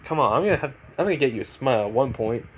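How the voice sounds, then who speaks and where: A man's voice: medium pitch, expressive, very fast, muffled recording, slight background noise, lightly acted. A man doing a cocky teasing teen ninja. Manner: teasing, easygoing.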